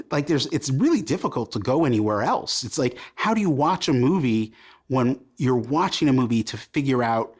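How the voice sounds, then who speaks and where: Guy in his 50s from portland, oregon, chatty interview guest, lively self-deprecating storytelling, middle pitch. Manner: animated, self-deprecating, acts out remembered dialogue. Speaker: comic book creator as guest.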